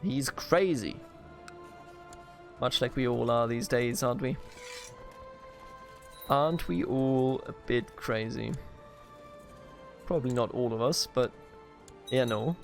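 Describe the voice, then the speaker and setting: Man, from Bavaria, game let's play host, playful mock-grand asides, mid-pitched voice, faint music behind. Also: slow pace, creaky, pauses often. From Bavaria, Germany. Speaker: gaming video host.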